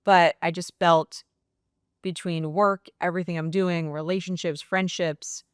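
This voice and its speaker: A woman's voice: lowish voice, steady tone, a little slow, clean tone, no echo, clean studio sound. A young adult woman, a guest in a casual interview, talking openly and reflectively with many fillers. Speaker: guest, nurse practitioner.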